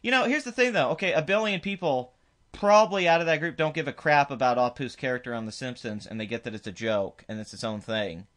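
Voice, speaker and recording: A man's voice: medium pitch, fast, fairly bright tone. A man hosting his own commentary video, ranting emphatically and dismissively with frequent restarts. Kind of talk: opinionated commentary rant.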